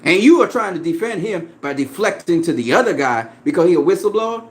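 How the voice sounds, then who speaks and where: Here the boxing commentator talks high-pitched, expressive, and fairly fast. He's ranting casually and profanely about boxing, confronting a critic and laughing often along the way.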